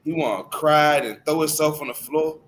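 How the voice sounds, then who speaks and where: A man's voice: on the high side, moderate pace. Emphatic man leading a scripture talk. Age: adult. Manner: loose and emphatic, many fillers like hey and man. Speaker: class speaker. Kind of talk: casual scripture discussion.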